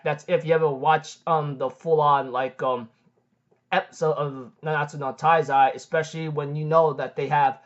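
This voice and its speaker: A young man casually recapping an anime episode, rambling with many fillers like um and like. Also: a little high. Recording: dull lo-fi recording.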